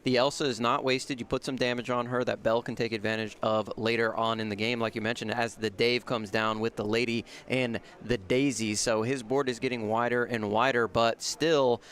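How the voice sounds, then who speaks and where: A man giving steady, analytical commentary on a card game tournament match. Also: mid-range voice, normal speed, few pauses.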